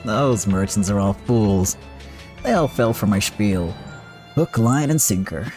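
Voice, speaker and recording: A man voicing a scheming, smug male gang boss in an exaggerated fake accent, oily and shamelessly flattering. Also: fairly low pitch, a little slow, faint music behind. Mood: gloating.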